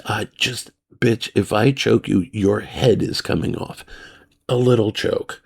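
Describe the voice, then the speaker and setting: A man's voice: on the low side, steady tone, measured pace, creaky, slightly rough. A man hosting a podcast, telling a crude story in a rambling, blunt way and acting out both sides of it. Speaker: podcast host.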